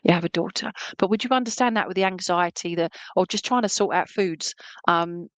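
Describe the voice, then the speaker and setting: A woman with a fairly low voice leads an online spiritualist reading from her home. She talks in a warm-hearted, chatty way, full of fillers and terms of endearment. Her voice sounds dry and close, with no room echo. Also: a little fast. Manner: chatty and affectionate, many fillers. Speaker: spiritualist medium.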